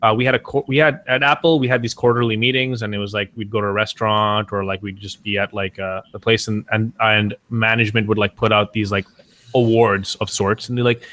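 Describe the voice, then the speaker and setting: A man's voice: fairly low pitch, fairly even intonation, fairly quick, a bit bright. A man, a streamer and podcast guest, telling stories in casual chat, rambling and swearing with many restarts.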